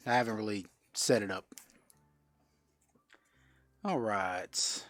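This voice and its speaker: A man's voice: lowish voice, slow, a bit bright, no room sound, soft background music. A man from South Florida hosting a casual live-stream card sale, chatting and answering viewer comments as he goes. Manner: chatty, reads out and answers viewer comments while selling cards.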